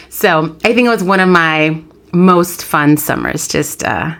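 A woman in her thirties, a podcast co-host, chatting casually and telling a lively story, acting out the voices of people she quotes. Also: on the low side, normal speed. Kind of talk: casual chat.

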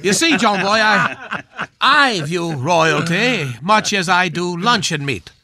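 A man's voice: high voice, animated, bright, forceful tone, full character voice. A man playing a pompous, aging, knighted film swashbuckler as a guest on a radio comedy bit, with a grand, theatrical manner. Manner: grand, theatrical, drawn-out delivery.

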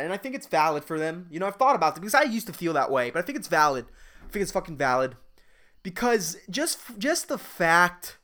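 A man's voice: on the high side, a bit bright. A man hosting a solo podcast in a casual, profane, rambling rant, often laughing at his own jokes. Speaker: podcast host.

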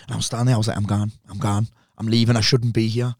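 Brief: male host, quick chatty delivery, dry studio sound. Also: lowish voice, little pitch movement, a little mellow, no echo. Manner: quick, chatty, interjects often. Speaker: podcast host. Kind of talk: casual interview chat.

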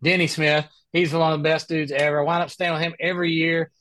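Here a podcast guest who plays golf professionally tells casual stories quickly, his voice a little high. He acts out the people involved, bringing an animated storyteller's flair.

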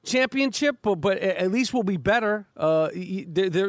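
Stammering high-voiced man hosting. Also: lively intonation, moderate pace, no room sound, studio quality. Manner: stammering, repeats words often. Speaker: podcast host. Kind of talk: comedic sports podcast chat.

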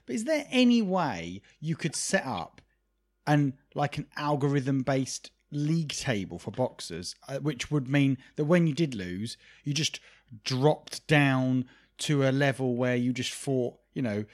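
Lively-voiced man chatting. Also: medium pitch, a little slow. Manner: animated, jokey, hesitant. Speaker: podcast co-host. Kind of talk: casual chat.

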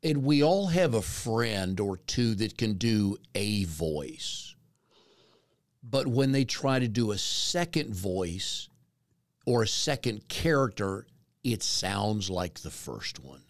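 A man's voice: on the low side, very animated, slow pace, no echo, clean studio sound. A man from North Carolina hosting a casual interview, chatty and self-deprecating as he tells stories. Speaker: podcast host.

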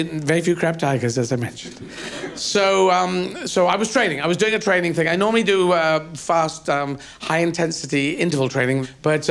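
A man's voice: on the high side, a bit bright. A man doing a rambling, self-mocking stand-up set on a comedy club stage. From England. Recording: live stage with audience.

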